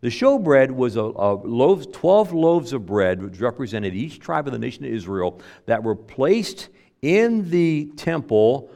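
A man's voice: medium pitch, big pitch swings, measured pace, gravelly, mellow. A man preaching a sermon in a conversational way, acting out the people he quotes and sometimes stumbling over his words. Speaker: pastor.

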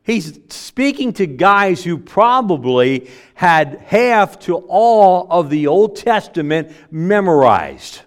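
A man's voice: high-pitched, sing-song, takes it slowly, hardly any pauses. A man preaching a sermon in a conversational way, acting out the people he quotes and sometimes stumbling over his words. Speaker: pastor.

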